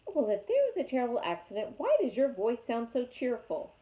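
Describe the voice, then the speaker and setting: A woman's voice: fairly high pitch, wildly swooping pitch, a little fast, voice pushed up. A woman voicing a fussy, bossy old female goose who scolds and squawks in a storybook reading. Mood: scolding. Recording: tinny phone-like sound.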